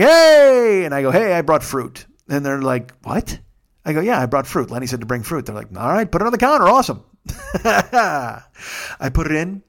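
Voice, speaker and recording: A man hosting a podcast, telling a long, profane, excitable story in a casual monologue. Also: mid-range voice. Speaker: podcast host.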